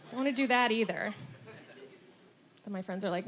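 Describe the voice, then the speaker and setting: A woman performing a stand-up comedy set on stage, animated, slipping into silly voices. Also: fairly high pitch, unhurried, long pauses, slight background noise. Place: comedy club stage before a laughing audience.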